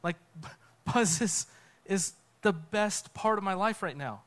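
A man giving a conversational sermon talk on a church stage, telling a story with lively acted-out quotes. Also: high voice, measured pace. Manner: animated storytelling, acts out quotes. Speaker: guest speaker.

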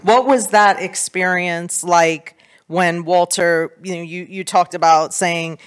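A woman, a law professor, interviewing a guest on stage, asking long run-on questions in a measured way. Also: on the low side, steady tone, clean tone.

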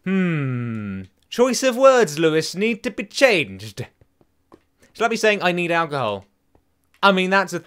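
A young man commentates his game in a chatty, excitable way. His fairly high voice leaps up and down constantly. He keeps poking fun at himself between bursts of delight. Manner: chatty, excitable, self-mocking, sings silly chants. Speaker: gaming channel host. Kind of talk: casual let's play commentary.

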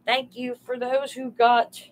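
A woman runs a live sale stream, pricing items one by one and greeting her viewers by name. She talks in an unhurried, homey drawl, with a fairly high voice. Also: little pitch movement, low-quality recording. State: overheated.

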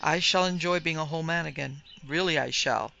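Storybook: woman playing a formal male spirit, hesitant, gravelly edge. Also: low voice, fairly quick, pushed and bright, dull audio, a little hiss or hum, heavily acted. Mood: pleased.

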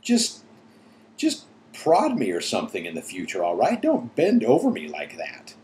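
A man's voice: lowish voice, huge pitch swings, normal speed, mellow, slight background noise. A man voicing a wry, somewhat exasperated teenage boy in a storybook reading.

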